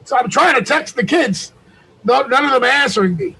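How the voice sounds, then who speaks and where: A man on a video call telling a long, profane story, getting loud as he acts out the calls. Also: extremely high pitch, fairly quick, husky, rough recording. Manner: profane, animated storytelling, shouts when reenacting. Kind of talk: casual chat.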